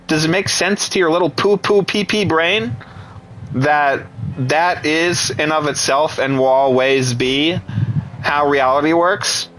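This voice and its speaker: A man's voice: on the high side, unhurried, fairly bright tone, poor audio. A man ranting with scorn and profanity in an angry political commentary.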